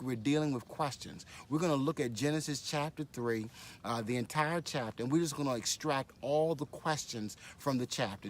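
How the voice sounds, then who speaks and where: A man's voice: mid-range voice, a little hiss or hum. A man hosting a daily devotional as a pastor, speaking on location at a conference with exuberant energy, repeating phrases and leading affirmations. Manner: exuberant, repeats phrases for emphasis, leads call-and-response affirmations. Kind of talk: upbeat devotional message.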